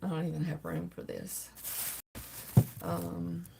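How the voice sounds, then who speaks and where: A woman's voice: on the low side, level tone, takes it slowly, vocal fry, heavy background noise. A middle-aged woman hosting a casual livestream, greeting viewers by name and laughing often. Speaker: livestream host.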